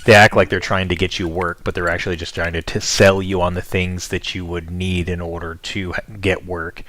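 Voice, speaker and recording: Young American male streamer, very low voice, casual rambling chat. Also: little pitch movement, moderate pace, fairly bright tone, slight background noise. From United States. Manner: rambling, chatty, offhand. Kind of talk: casual chat with viewers while playing.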